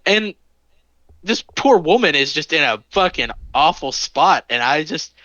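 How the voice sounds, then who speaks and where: A man in his early twenties, a podcast co-host, telling anecdotes in animated, swear-heavy casual chat. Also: a little high, unhurried, dry recording, lo-fi sound. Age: 20s. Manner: animated storytelling, lots of swearing.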